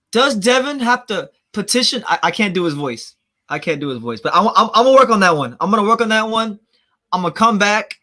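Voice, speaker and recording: This livestream host has a fairly high, pushed, bright voice. He reads viewer comments in a casual stream, rambling, repeating himself, and laughing at his own jokes.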